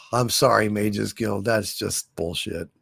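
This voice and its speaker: Slow gravelly man hosting a livestream. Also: a little high, big pitch swings, fairly bright tone, dry recording, clean studio sound. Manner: hails and thanks viewers by name, drawn-out unhurried delivery. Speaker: livestream host. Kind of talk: casual livestream chat, reading viewer messages.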